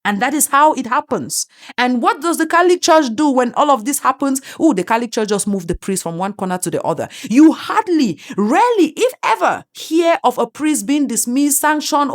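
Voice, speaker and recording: A woman with an African accent giving an opinionated commentary monologue, emphatic and full of rhetorical questions. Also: high voice. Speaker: online commentator.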